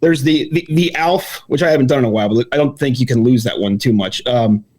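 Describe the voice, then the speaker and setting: A man's voice: mid-range voice, a little fast, darkish tone. A man co-hosting a podcast in a playful, mock-earnest, joking chat. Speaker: podcast co-host.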